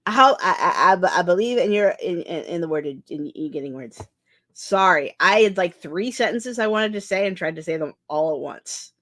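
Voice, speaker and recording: Chatty woman with a lively voice. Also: lowish voice, normal speed. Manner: chatty, restarts sentences, reads chat aloud. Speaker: streamer hosting a writing session. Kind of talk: casual livestream chat.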